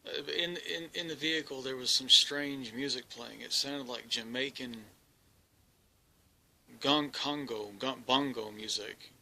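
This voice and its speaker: A man telling a first-person story, halting often, restarting sentences and searching for words. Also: medium pitch, pushed and bright, rough recording. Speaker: experiencer recounting an encounter.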